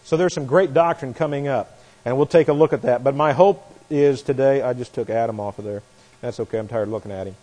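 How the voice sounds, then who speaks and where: A man teaching a Bible class as a sermon, forceful and scornful of doctrine he calls false. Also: mid-range voice, fairly quick, big-room sound.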